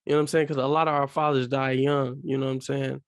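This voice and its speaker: A man's voice: medium pitch, little pitch movement, fast, no room sound, studio quality. A man co-hosting a podcast in casual chat, talking earnestly and repeating key phrases for emphasis. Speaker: podcast co-host.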